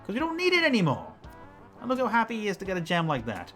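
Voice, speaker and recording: A man's voice: high-pitched, huge pitch swings, quick pace, fairly bright tone, faint music behind. A man giving casual, rambling commentary while playing through an old game. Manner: chatty, rambling asides with fillers. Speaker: let's play host.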